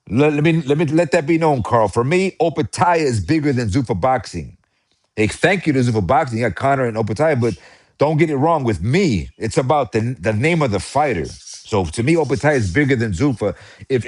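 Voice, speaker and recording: A man with an American accent chatting casually about boxing, excitable and rambling, often repeating himself. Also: medium pitch. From United States. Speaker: boxing commentator. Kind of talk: casual live chat.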